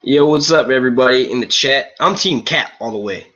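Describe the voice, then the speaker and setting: Male stream host, loose profane chatter, bright edgy voice, dull lo-fi audio. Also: medium pitch, a little fast. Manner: rambling, profane, casual, says "yo" a lot. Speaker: host of a movie and TV review stream. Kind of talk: live-stream chat with viewers.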